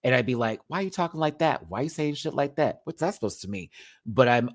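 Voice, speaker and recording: Male live-stream host, sassy and animated, swearing, wide swings in pitch, answers viewer chat. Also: quick pace. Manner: sassy, animated, swears often, slips into campy impressions. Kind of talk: casual live-stream commentary.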